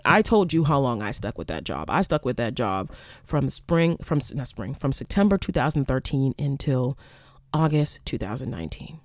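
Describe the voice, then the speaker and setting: A woman's voice: low-pitched, normal speed, dry recording, clean studio sound. Candid, profane young woman telling a story. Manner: profane, animated, acts out quoted exchanges. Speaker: podcast host, former college teacher.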